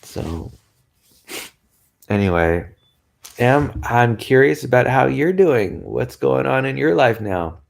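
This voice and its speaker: With long pauses and a slow pace, a man vlogs casually to his audience, his medium-pitched voice creaky yet animated. He rambles chattily, laughs and sighs a lot, and yawns now and then, sounding tired.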